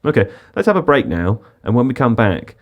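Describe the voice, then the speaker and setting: A man's voice: mid-range voice, big pitch swings, a little fast. A man hosting a casual podcast chat in a playful, mock-dramatic way. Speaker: podcast host.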